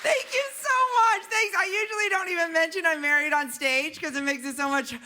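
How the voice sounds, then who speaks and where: A woman in her thirties doing a chatty, animated stand-up set on a club stage, often tagging lines with "right?". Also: very high voice, a little fast. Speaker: stand-up comedian. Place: comedy club stage with a live audience.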